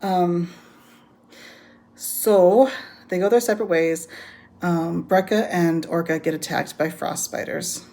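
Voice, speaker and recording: A woman's voice: on the low side, fairly even intonation, slow pace, long pauses, warm tone. A woman giving a casual, rambling recap of a book's plot, with frequent ums and laughter. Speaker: book reviewer. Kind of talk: casual spoken book recap.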